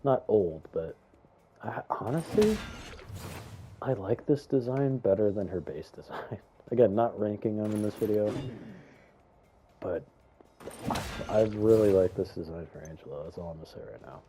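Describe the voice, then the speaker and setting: Low, mellow-voiced young man rambling. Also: normal speed, pauses often, slight background noise. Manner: rambling, chatty, excited with fillers and stutters. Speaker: gaming YouTuber. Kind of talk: casual gameplay commentary.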